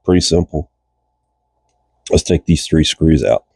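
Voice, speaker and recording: A very deep, gravelly male voice, congested from a chest cold and breaking into coughs and throat-clearing. He talks slowly and folksily to the folks watching, walking through a reel repair in his cold garage. The sound is husky, dark and dry. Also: animated, no room sound. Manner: folksy, chatty, addresses viewers as folks. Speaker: reel repair channel host. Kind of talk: casual repair tutorial.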